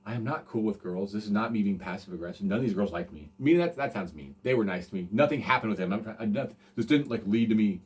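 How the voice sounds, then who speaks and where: Low-voiced and quick with few pauses, this podcast host in his 40s rambles through a story at his own expense. His casual delivery is packed with fillers and false starts.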